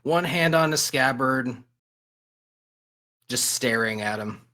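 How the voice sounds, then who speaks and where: A man playing a tabletop game, describing his character's actions in a halting way, pausing between phrases. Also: mid-range voice, pushed and bright. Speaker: player.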